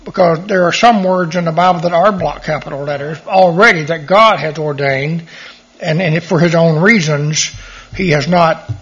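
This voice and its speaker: Middle-aged male Bible teacher, high husky voice, dull lo-fi recording, reads verses and leans on key words. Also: normal speed, a bit bright. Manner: reads scripture aloud and stresses key words.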